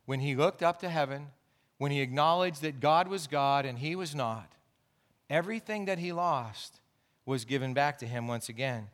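A man's voice: on the high side, moderate pace, fairly bright tone. A man pastor preaching a sermon in an earnest, explaining way, with asides and restarts.

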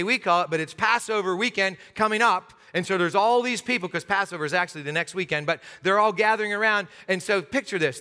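An American man preaching a lively interactive sermon in a church, acting out crowd voices and joking with the congregation. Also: high-pitched. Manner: animated, acts out crowd voices, jokes with congregation. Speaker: pastor. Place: church sanctuary. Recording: long hall reverb.

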